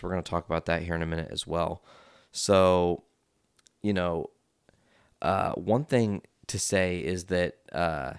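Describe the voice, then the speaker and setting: Man, deep and gravelly, smooth tone, loose and rambling, swearing through a movie recap. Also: no echo, studio quality. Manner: rambling, swears freely, lots of fillers. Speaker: movie reviewer.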